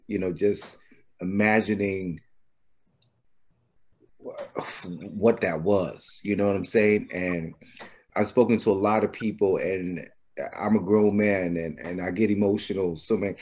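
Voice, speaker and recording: A man's voice: low-pitched, a little mellow. A man interviewing a guest, speaking earnestly and reflectively in loose casual phrasing. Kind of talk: conversational interview.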